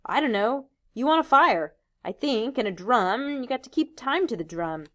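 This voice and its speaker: A woman putting on a cheerful young schoolboy with a timid streak, from a storybook reading. The voice is lifted high and bright, keen but a little unsure of itself. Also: expressive, moderate pace, lightly acted. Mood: eager.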